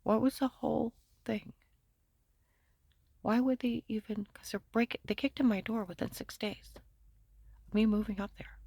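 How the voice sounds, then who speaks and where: Woman, gravelly low voice, rambling agitated monologue, dry close sound. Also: steady tone, dry recording. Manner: rapid, rambling, shifts between hushed and loud; recites laws and legal terms. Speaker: speaker recounting her own ordeal.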